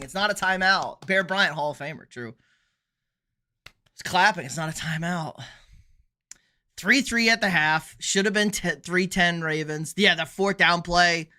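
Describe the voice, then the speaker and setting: Young guy streaming sports reactions, bright punchy voice, blunt and swears a lot, reads chat. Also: a little high. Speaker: sports livestream host. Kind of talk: casual livestream commentary.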